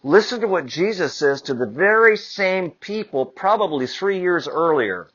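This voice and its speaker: A priest giving a conversational homily, building to moments of emphasis. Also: male voice, sits high, lively intonation, moderate pace, fairly bright tone, slightly rough, dull audio. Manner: conversational preaching with rising emphasis. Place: church.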